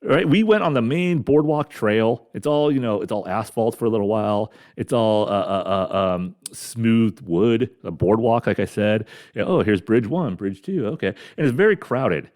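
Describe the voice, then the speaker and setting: A man's voice: fairly low pitch, lively intonation, moderate pace, hardly any pauses, darkish tone. A middle-aged man grumbling through a profane, rambling comedic rant as a podcast host, talking carefully after mouth surgery. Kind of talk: ranting comedic monologue.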